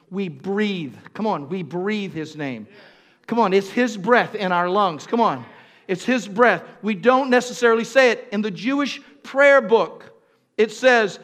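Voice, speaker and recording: An older man preaching a sermon, calling the congregation to respond and swinging between shouted lines and hushed, breathy passages. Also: high voice. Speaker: pastor.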